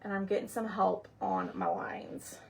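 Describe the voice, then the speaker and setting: A woman with a medium-pitched, gravelly voice and wildly swooping intonation hosts a live craft tutorial a little slowly. She chats with viewers by name while working, thinking aloud and often drifting off mid-sentence.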